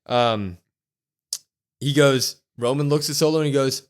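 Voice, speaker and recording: A man co-hosting a podcast, excitedly retelling a show and acting out the quotes. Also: mid-range voice, a little slow. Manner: animated storytelling, acts out quotes with loud whoops. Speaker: wrestling podcast co-host. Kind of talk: excited casual recap.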